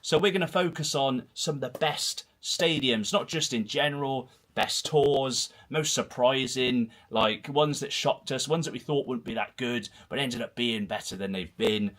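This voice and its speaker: A man's voice: mid-range voice, normal speed, few pauses, fairly bright tone. Male host in his thirties with a Herefordshire and Gloucestershire accent, chatty and rambling, streaming from a small home room. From Herefordshire, England. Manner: rambling, chatty, self-deprecating. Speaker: host of a football channel livestream. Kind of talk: casual solo livestream chat, reading comments. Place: small dark home room full of football shirts.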